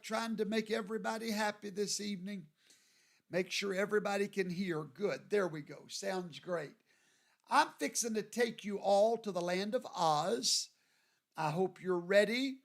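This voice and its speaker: A man from Louisiana, hosting a livestream and greeting viewers by name in a folksy, drawn-out way. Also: high voice, gravelly. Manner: folksy, drawn-out, reads viewer names aloud. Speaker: show host.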